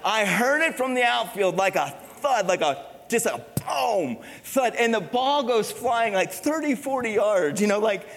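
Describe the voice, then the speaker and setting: A middle-aged male pastor preaching a sermon, animated and conversational, with rhetorical questions and storytelling. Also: high voice, measured pace, hardly any pauses. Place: church sanctuary. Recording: long reverb of a church hall.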